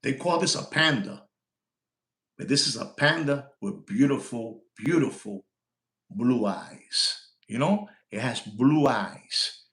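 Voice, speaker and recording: Brash bilingual watch dealer, echoey room. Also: male voice, medium pitch, animated. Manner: brash, rapid switching between English and Spanish slang; repeats lines and shouts for likes. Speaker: watch dealer hosting a live stream. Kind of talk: casual live-stream sales talk.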